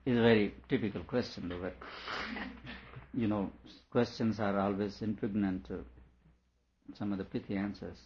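A man teaching a lecture on a scripture, working through each point slowly and repeating himself to make it clear. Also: lowish voice, steady tone, slight background noise. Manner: deliberate, explains by repeating and rephrasing. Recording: dull lo-fi recording.

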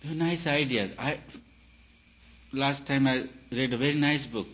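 A man, a spiritual teacher, giving an emphatic talk full of rhetorical questions, swinging between loud and soft. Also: mid-range voice, unhurried. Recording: dull lo-fi recording with faint hiss.

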